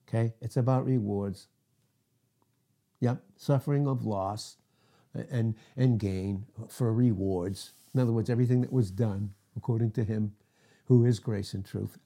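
Older man, very dark-toned, chuckling preacher. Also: medium pitch. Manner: chuckles often, self-deprecating asides. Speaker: pastor. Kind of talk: informal Bible teaching sermon.

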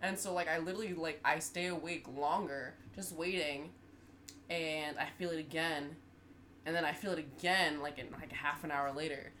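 A woman's voice: low voice, normal speed, a little hiss or hum. A woman in her twenties, co-hosting a podcast, telling stories in a casual chat and laughing often. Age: 20s. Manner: animated storyteller who laughs often. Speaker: podcast co-host.

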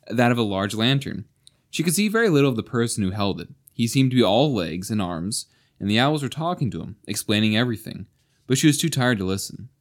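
A man co-hosting a podcast, reading a book passage aloud in a relaxed way. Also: lowish voice. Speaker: podcast co-host. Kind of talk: casual chat and reading aloud.

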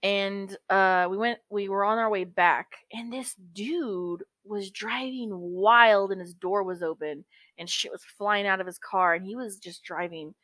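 A podcast co-host with a mid-range, slightly bright voice chats casually and unhurriedly, talkative and swearing freely while calling everyone "girl." There's no echo on the recording.

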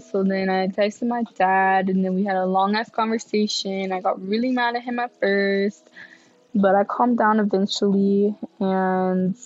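A woman's voice: mid-range voice, darkish tone, highs cut off. A tired young woman, talking candidly and swearing often in a casual solo podcast. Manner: candid and profane, many fillers. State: tired, yawning. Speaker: podcast host.

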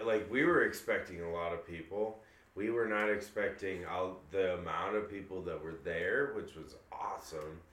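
A man's voice: sits low, a bit bright, recorded from a distance. A man in a band telling a story in a rambling way, thinking aloud with many fillers. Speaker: band member. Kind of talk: casual chat. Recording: roomy, off-mic.

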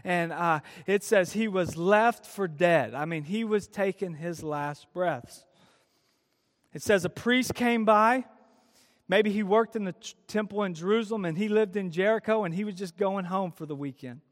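A man preaching a sermon at a youth event, retelling a story with lively emphasis and many rhetorical questions. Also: high-pitched, normal speed. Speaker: youth speaker. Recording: long hall reverb.

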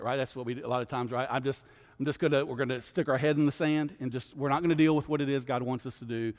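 A man's voice: medium pitch, steady tone, quick pace, a little mellow. A man, a guest pastor teaching a Bible study in a conversational way, often checking in with his listeners. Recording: long hall reverb.

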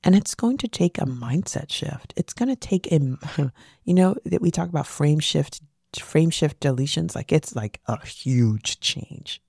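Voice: mid-range voice, expressive, a little slow, gravelly, darkish tone, breathy edge, no room sound, clean studio sound. A podcast host giving a motivational monologue, emphatic and repeating key phrases, sometimes dropping into a whisper for emphasis.

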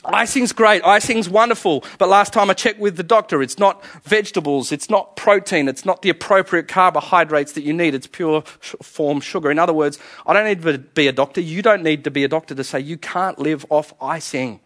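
A man in his forties delivers a sermon in a high, light voice. He is animated and humorous, playing out little dialogues with himself. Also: fairly quick, few pauses. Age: 40s. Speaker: pastor.

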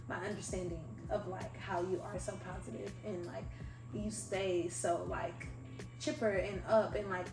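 A woman hosting a podcast, talking casually in a rambling, animated way with lots of fillers. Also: medium pitch. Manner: rambling, animated, heavy use of "like". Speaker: podcast host. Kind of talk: casual interview chat. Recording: echoey room, faint music.

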